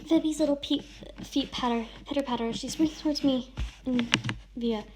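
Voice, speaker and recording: A woman's voice: sits high, moderate pace, slight background noise. A woman giving a melodramatic read-aloud of a friend's story, with casual comments in between. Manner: over-the-top dramatic reading, shouts and sobs in the big lines. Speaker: vlogger reading a friend's writing.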